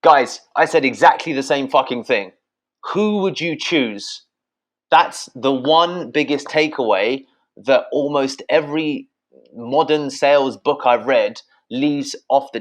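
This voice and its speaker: Energetic and blunt, a British podcast guest whose voice sits mid-range dispenses sales advice. He curses liberally and keeps calling listeners "guys."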